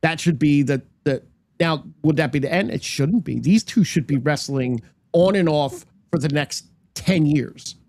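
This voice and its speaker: A man's voice: a little high, measured pace, a little mellow, no echo. A man co-hosting a podcast, giving emphatic, opinionated takes in casual chat. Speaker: podcast co-host.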